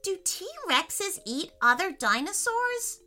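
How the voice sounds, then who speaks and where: A woman's voice: big pitch swings, slow, sharp tone, faint music behind, full character voice. A woman voicing a cautious, easily frightened young girl in a children's story. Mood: anxious. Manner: high, anxious cries.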